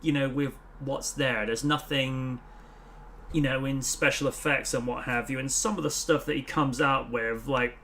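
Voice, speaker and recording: A man hosting a casual live stream, rambling and laughing, often acting out movie lines in loud mock voices. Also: medium pitch, fairly even intonation, moderate pace. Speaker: host.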